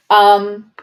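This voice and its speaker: A woman giving a casual astrology and tarot reading, chatty and rambling, often correcting herself mid-sentence. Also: mid-range voice.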